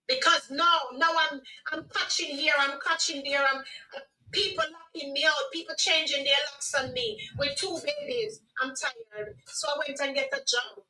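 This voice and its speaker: A middle-aged Jamaican-accented woman speaks earnestly, with emotion, and often restarts her sentences. Her voice sits high and bright. She sounds a little far from the microphone. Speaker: guest. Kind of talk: personal testimony on a radio livestream.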